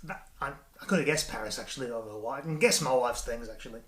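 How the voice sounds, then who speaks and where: A man's voice: mid-range voice, fast, a crowd in the background. An Australian man reviewing a magic trick, chatty and self-deprecating, slipping into a livelier patter voice when he performs. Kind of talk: casual product review with demonstration. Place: indoor room, alone at camera. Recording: echoey room.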